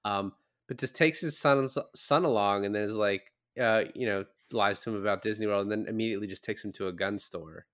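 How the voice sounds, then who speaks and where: A man's voice: fairly low pitch, a little fast, a bit bright. Rambling man in casual podcast chat. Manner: rambling, heavy on "like" fillers.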